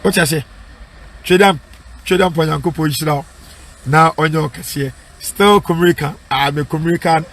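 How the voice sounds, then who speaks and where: At a moderate pace, a man with a fairly high, fairly bright voice and Ghanaian accent preaches emphatically as a street evangelist offering advice. He mixes in Twi with English, repeats lines, and prompts responses with "What I say?"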